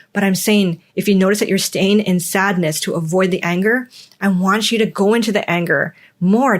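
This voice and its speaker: An earnest woman talks through her own experiences in a reflective podcast monologue. She leans hard on key words and repeats them for emphasis. Her voice sits at an ordinary mid pitch for a woman. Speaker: podcast host.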